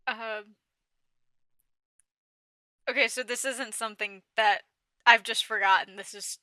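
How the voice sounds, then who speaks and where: A woman's voice: on the high side, steady tone, slow, pushed and bright, no echo. A woman player at a tabletop game, asking hesitant questions in casual table talk.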